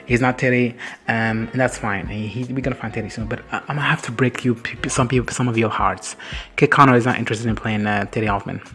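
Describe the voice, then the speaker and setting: A man's voice: mid-range voice, fairly even intonation, fast talker, pushed and bright. Guy doing a rambly reaction recap, swears a ton, keeps laughing, faint music behind. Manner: crude, swears freely, laughs often, acts out characters. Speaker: reaction vlogger.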